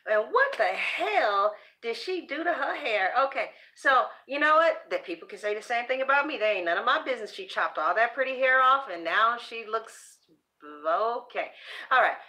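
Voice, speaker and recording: A woman with a high, bright voice holds forth on self-esteem in a loose, sassy monologue. She swears freely and slips into preachy pep talks, answering herself like a friend cheering her on. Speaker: tarot channel host giving self-esteem talk. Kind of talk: casual motivational monologue.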